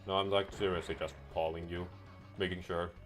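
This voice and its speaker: A man's voice: sits low, level tone, brisk, a bit bright, faint music behind. A man giving casual let's-play commentary, joking sarcastically and swearing freely. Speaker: gameplay commentator.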